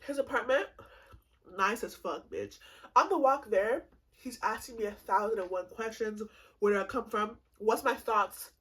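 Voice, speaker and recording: A woman in her twenties telling a comedic storytime, animated and swearing freely, laughing often. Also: mid-range voice, breathy edge, low-quality recording. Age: 20s. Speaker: vlogger.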